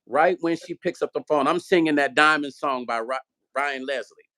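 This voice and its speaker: A man's voice: on the high side, normal speed. A man hosting his own vlog, telling a long story with lots of acted-out dialogue and swearing. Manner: animated storyteller, acts out quoted dialogue, profane. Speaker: vlog host, musician. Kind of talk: storytelling chat.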